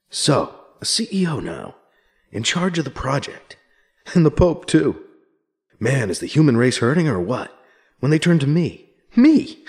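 A man narrating a scripted story with an expressive, lively reading. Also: medium pitch, dry recording, clean studio sound.

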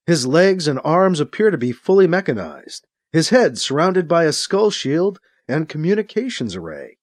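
Expressive male audiobook narrator. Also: fairly high pitch, moderate pace, dry recording, studio quality. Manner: dramatic, expressive reading. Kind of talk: audiobook narration, acting out scenes.

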